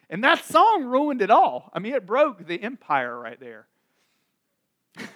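A man preaching in a casual, chatty way, retelling a Bible story and acting out the characters' lines in quick asides. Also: very high voice, bright, forceful tone.

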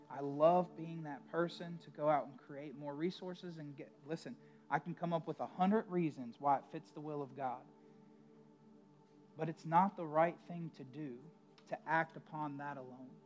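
Storytelling male pastor, fairly high voice. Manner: conversational storytelling, emphatic asides. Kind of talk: sermon.

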